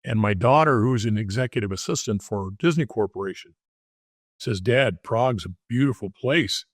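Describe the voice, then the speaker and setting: A man's voice: fairly low pitch, lively intonation, moderate pace, dry recording, studio quality. An older man, a retired detective, telling candid stories as an interview guest. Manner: plainspoken, candid storytelling. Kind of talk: casual interview storytelling.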